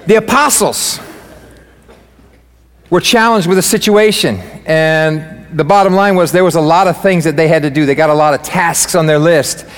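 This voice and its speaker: Brief: lively, joking male pastor mid-sermon, fairly high voice, long hall reverb. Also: normal speed. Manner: energetic, joking and preaching. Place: church sanctuary.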